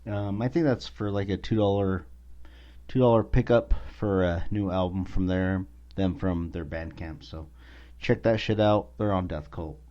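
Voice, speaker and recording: In a low, mellow voice at a measured pace, a podcast host talks through a rambling, casual monologue on his own show, swearing and using lots of fillers. It's a dull, lo-fi recording.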